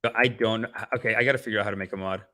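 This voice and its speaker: This is a young male livestream host who talks to his chat in a loose, playful, rambling way. He speaks in a lowish, steady voice, rapid-fire and with a sharp edge.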